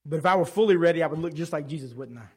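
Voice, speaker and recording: A man in his thirties preaching a sermon in a conversational, animated way, telling stories from home. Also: fairly high pitch, racing, slightly rough. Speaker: pastor.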